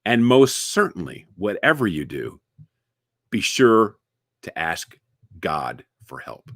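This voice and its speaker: A man giving a casual comedic monologue, jokey and animated, repeating words and chatting with his viewers. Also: low-pitched, slow, no echo, clean studio sound. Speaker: inspirational online comedian.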